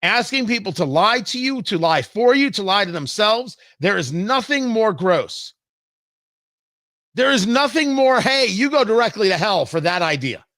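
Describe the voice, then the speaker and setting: A talk show host with a fairly high, bright voice delivers combative, emphatic commentary. His pitch swings widely as he presses his points. The sound is close and dry. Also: very animated, unhurried, no echo.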